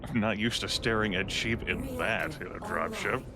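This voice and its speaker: A man's voice: fairly low pitch, moderate pace, a crowd in the background. A man playing a video game with friends, making dry, teasing remarks in casual chat.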